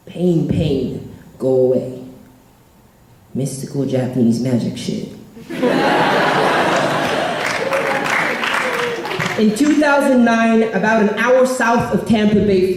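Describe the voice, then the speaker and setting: A man's voice: high voice, darkish tone. A young man performing a spoken word poem with a rhythmic, emphatic delivery. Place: event hall. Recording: echoey hall.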